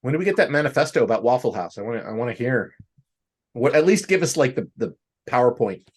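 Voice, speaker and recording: A man's voice: mid-range voice, sing-song, quick pace, slightly rough. A man hosting a casual podcast, a playful improviser who gushes and jokes. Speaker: host. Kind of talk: casual chat.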